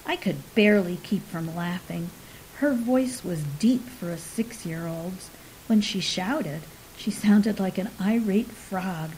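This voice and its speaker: A woman narrates short fiction with a mellow, warm tone and a steady, unhurried delivery. Her voice sometimes sinks into a soft whisper. A faint hiss sits under the recording. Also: mid-range voice, rough recording. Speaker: story reader. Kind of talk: scripted narration of short stories.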